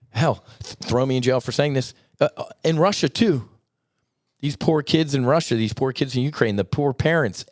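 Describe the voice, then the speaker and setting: Male podcast host, low-pitched, earnest and rambling, dry close sound. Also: dry recording. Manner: earnest, repetitive, often says "man". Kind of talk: reflective podcast monologue.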